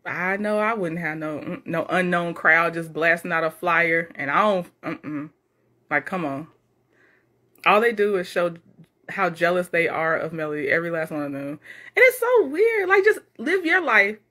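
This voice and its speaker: A woman with a lowish voice, speaking at normal speed, hosts a casual live stream. She reads out what viewers write and answers with animated chatter and frequent laughs.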